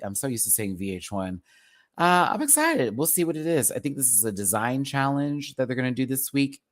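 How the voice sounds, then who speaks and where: Livestream host, male, sassy and animated, casual rant to viewers. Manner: animated, sassy, talks straight to chat with big pitch jumps. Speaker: live stream host.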